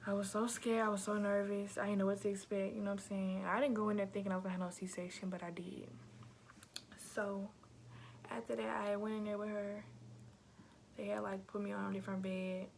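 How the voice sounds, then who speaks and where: Young female vlogger, casual and slangy, gravelly fry, slips into soft whispers. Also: medium pitch, little pitch movement, fairly quick, a little hiss or hum. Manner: slangy, addresses viewers as y'all, often drops to a soft whisper. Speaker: vlogger telling her birth story. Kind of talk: casual storytime to camera.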